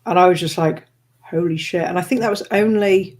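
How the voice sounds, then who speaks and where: A woman hosting a casual chat, talkative and quick to laugh and exclaim. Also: medium pitch, a little mellow. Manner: chatty, laughs easily, exclaims. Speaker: host.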